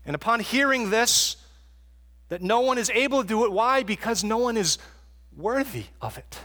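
Male preacher, high voice, earnest expository sermon, long hall reverb, stumbles and repeats words. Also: lively intonation, normal speed, bright, forceful tone.

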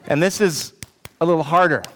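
A pastor preaches to his congregation, telling a story with self-mocking humor and joking with the listeners. His man's voice is smooth and resonant and sits a little high. The sound rings with the long reverb of a large hall. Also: brisk. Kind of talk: sermon with personal story. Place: church hall with an audience.

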